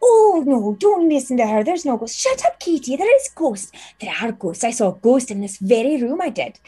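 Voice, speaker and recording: A woman voicing two chattering, bickering teenage maids in high, squealing voices. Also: very animated, moderate pace, dark tone, husky, full character voice. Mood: giggly bickering.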